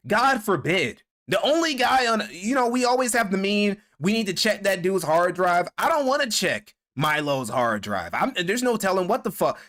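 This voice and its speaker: A man's voice: sits high, a bit bright. A man giving casual, crude, gossipy livestream commentary, mocking people and laughing at his own jokes.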